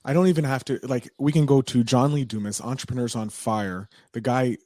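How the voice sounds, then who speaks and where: A man of middle pitch hosts a podcast chat with an energetic, agreeable manner. He often stumbles and restarts mid-thought. His voice sounds dry and close to the mic. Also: a little fast, no room sound. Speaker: podcast host. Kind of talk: casual podcast interview.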